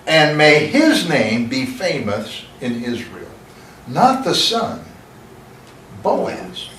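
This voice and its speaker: Slow, emphatic male Bible teacher. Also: medium pitch, slight background noise. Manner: slow, emphatic reading with conversational asides. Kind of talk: Bible lesson. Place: church room. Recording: echoey room, mic at a distance.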